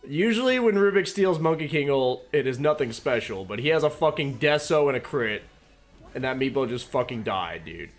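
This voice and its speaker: A man's voice: mid-range voice, moderate pace, faint music behind. A man streaming a game, chatting casually and reacting with swearing disbelief. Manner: swearing, incredulous, excitable. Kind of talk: casual gaming commentary.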